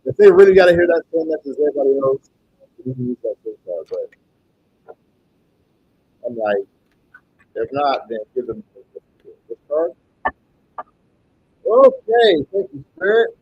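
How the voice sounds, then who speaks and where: A man reading tarot and pitching paid rituals in a salesy way, often repeating "okay" and "you guys.". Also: big pitch swings, normal speed, long pauses, slightly rough, no room sound, dull audio. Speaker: tarot reader and spell seller.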